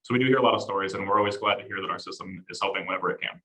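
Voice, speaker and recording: A man working in home security sales, talking as a guest on a panel with eager, quick, repetitive speech. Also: deep voice, fairly even intonation, bright, forceful tone, low-quality recording. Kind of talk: panel conversation.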